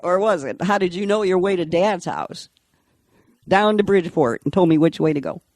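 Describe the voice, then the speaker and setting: A woman's voice: fairly low pitch, moderate pace, a little mellow. A middle-aged woman talks as a podcast guest, recounting stories casually and laughing between lines. Her voice has a dry, close sound with no room echo. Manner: chatty, laughs often while telling stories. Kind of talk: casual storytelling.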